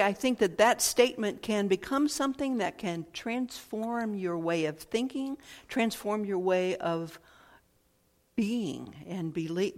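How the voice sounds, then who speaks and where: A woman speaks slowly and thoughtfully, circling back over her phrases as she reflects. Her voice carries a long reverb, as if recorded in a large hall. Her pitch sits in an ordinary middle range. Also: darkish tone. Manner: thoughtful, slow, with repeated phrases and pauses. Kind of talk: reflective spoken talk.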